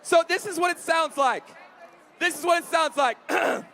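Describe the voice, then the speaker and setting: A man hosting a camp game on stage, shouting energetically to a crowd, his voice getting strained. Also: very high-pitched, normal speed, vocal fry, slight background noise. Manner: energetic, loud, calling out to a crowd. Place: large camp event hall.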